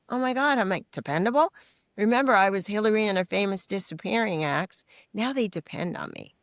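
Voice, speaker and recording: A middle-aged woman, a guest in a podcast interview, telling frank stories with animated acted-out voices and casual swearing. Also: medium pitch, a little fast, dry recording, clean studio sound. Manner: animated storytelling, acting out quoted voices. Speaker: guest, recovery mentor and author. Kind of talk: candid interview conversation.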